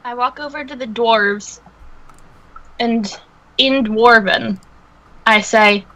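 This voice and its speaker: A blunt, wry woman at a tabletop game who swears freely. Her voice is bright and a little high. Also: steady tone, slow pace, low-quality recording. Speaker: player.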